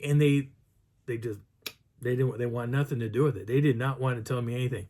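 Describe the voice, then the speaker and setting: A man's voice: medium pitch, steady tone, fast talker, mellow. Man rambling through a mountain story. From Colorado high country. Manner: rambling with many restarts, acts out quoted voices. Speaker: Bigfoot researcher telling a field story. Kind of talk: casual storytelling.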